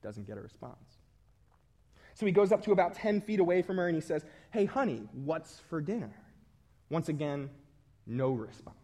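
A man's voice: a little high, sing-song, a little fast, pauses often, warm tone. A man preaching a sermon in a conversational, self-deprecating storytelling manner.

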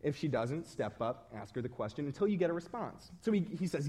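A man with a slightly high voice preaches a sermon. His delivery is conversational and self-deprecating, relaxed like storytelling among friends. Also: fairly quick.

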